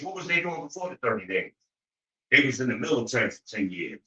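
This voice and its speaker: A man with a piercingly bright, cutting voice delivers a preachy, profane monologue. He keeps hammering his points, often climbing into loud, incredulous outbursts. The sound carries a roomy echo. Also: medium pitch, very animated, fast talker, muffled recording. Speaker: show host. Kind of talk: opinionated monologue.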